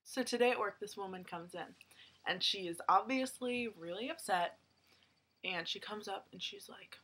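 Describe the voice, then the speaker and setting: A woman's voice: mid-range voice, normal speed, slightly rough. A young woman telling a work story in casual chat, acting out the people she quotes. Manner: animated, acts out customers in quoted voices.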